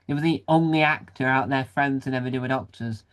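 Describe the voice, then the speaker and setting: A man's voice: mid-range voice, a little fast, smooth. A man hosting a casual interview, asking long, rambling questions and adding short "yeah"s along the way. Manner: chatty, rambling questions, frequent short backchannels. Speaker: interviewer, host.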